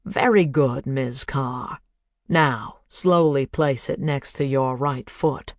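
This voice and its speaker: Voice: medium pitch, dry recording, studio quality, natural voice. A narrator voicing a cold synthesized male captor with a Boston accent, drawing out taunting commands. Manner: slow, drawn-out, taunting commands.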